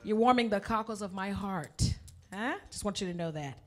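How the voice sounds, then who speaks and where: A woman's voice: medium pitch, moderate pace. A woman comedian bantering playfully with a live audience between songs, teasing them and joking about her performance. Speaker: comedian and singer.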